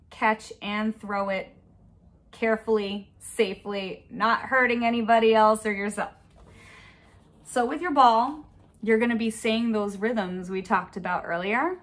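A woman music teacher giving an upbeat at-home lesson for children, chanting rhythm syllables to a steady beat. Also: mid-range voice.

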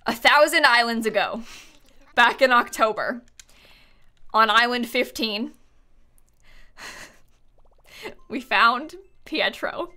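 Excitable high-voiced woman streamer. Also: slow, long pauses. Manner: excitable, laughs often, shouts in exasperation. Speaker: game streamer. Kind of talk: live-stream chat while gaming.

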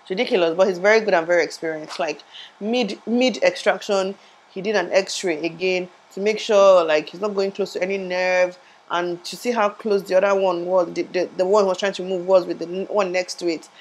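Her voice is lowish and fairly even, a little fast, and the lapel-mic recording is rough. This young woman chats and rambles through a casual vlog, in pain and slightly muffled after tooth surgery, laughing at herself along the way.

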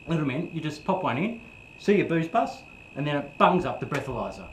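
A woman's voice: low voice, big pitch swings, fairly quick, roomy sound, slight background noise, low-quality recording. A woman playing a dim, easygoing male Australian bogan sidekick who rambles and gossips in a comedy film. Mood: chatty.

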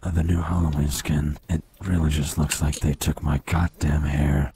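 A man's voice: very deep voice, flat delivery, moderate pace, mellow. A man chatting over online voice chat while gaming, whining and joking with his teammates. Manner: whiny, complaining, joking. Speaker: gamer in voice chat. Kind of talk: casual gaming banter.

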